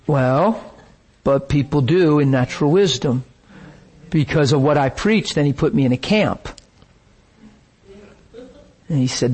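Husky emotional male preacher. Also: on the high side, a little slow, pauses often, darkish tone. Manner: storytelling, emotional and emphatic. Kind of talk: sermon.

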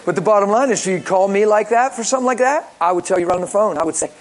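A male pastor preaching with lively stories, joking and acting out the callers he talks about. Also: high-pitched, racing, low-quality recording. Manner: lively, jokey, acts out callers in voices. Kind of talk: sermon with storytelling.

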